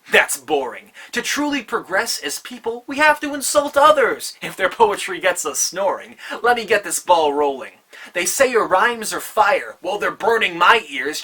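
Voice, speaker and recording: Bright husky mocking rapper. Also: mid-range voice. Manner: mocking, rhythmic rhyming delivery. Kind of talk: comedic rap diss performance.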